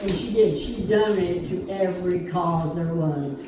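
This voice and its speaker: A woman telling family stories in a quick, amused way. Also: lowish voice. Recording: distant mic, echoey hall, clear noise.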